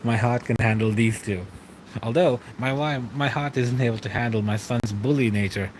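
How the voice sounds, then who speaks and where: Man, thirties, casual late-night stream chat, halting and rambling, laughs often, faint background noise. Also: medium pitch, a little mellow, low-quality recording. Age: 30s.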